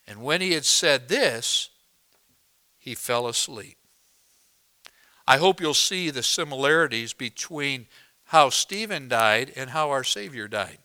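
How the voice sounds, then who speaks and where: A man preaching a sermon as pastor, swinging between hushed moments and loud, emphatic climaxes. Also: mid-range voice, animated, slow pace, pauses often.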